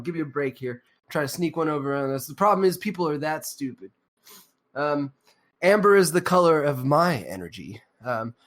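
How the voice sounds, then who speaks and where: A man with a fairly high voice hosts a loose, unscripted podcast. He rambles and swears freely, and he stacks up fillers as he works his way through a thought. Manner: rambling, profane, many fillers. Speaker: podcast host. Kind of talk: casual podcast chat.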